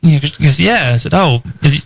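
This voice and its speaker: A man's voice: fairly high pitch, expressive, normal speed, creaky, slightly rough, no room sound. A man, a radio co-host, telling a rambling, stumbling story in a casual chat. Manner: rambling, stumbling, laughing anecdote teller. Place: radio studio.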